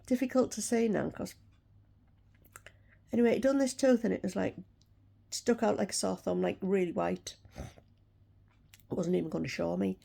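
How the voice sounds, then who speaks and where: A woman's voice: mid-range voice, steady tone, moderate pace, vocal fry, long pauses, warm tone. A woman, chatting frankly to camera and ranting about a dentist. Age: 60s. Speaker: vlogger. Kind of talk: casual chat to camera.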